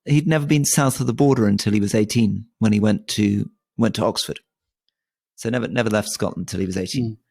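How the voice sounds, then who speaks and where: A man's voice: on the low side, a little fast, vocal fry, a little mellow, husky. A man in his forties from Britain, co-hosting a casual conversation and often stammering and restarting his words. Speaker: podcast co-host.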